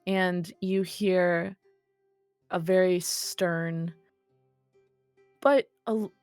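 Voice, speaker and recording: A woman running a tabletop role-play, who narrates in a casual and loose way. Her voice is on the low side and recorded dry and close, with faint guitar music behind her. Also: fairly even intonation, extremely slow, darkish tone, smooth, dry recording. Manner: casual, swears, laughs. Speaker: game master.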